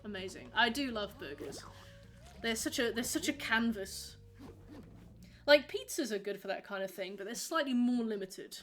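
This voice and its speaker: Young woman, game streamer, rambling casual chat, bright and slightly high voice. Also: expressive, normal speed, soft background music. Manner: chatty, rambling, reacting to chat messages. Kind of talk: casual live-stream chat while gaming.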